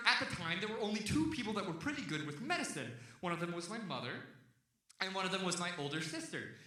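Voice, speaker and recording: A young man from Texas telling a long stand-up story on stage, jumping into loud shouted voices for the people in it. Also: high-pitched. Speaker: stand-up comedian. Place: comedy stage before a live audience. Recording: echoey venue heard from a distance.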